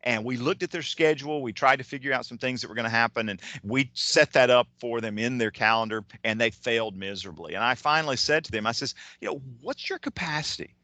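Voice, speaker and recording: Eager, bright-voiced male keynote speaker. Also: mid-range voice, fast, hardly any pauses, no echo. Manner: enthusiastic, digressive, with frequent restarts. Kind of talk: motivational talk on time management.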